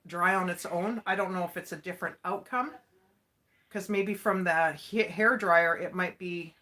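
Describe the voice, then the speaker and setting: A woman's voice: medium pitch, a bit bright. A woman from Alberta hosting a casual livestream while crafting, chatty and folksy, laughing often. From Alberta, Canada. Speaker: livestream host.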